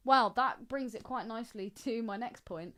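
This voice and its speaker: A woman's voice: fairly high pitch, normal speed, fairly bright tone. A woman co-hosting a podcast, chatting in a brash, crude way with frequent swearing and giggles. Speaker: podcast co-host. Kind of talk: casual crude chat.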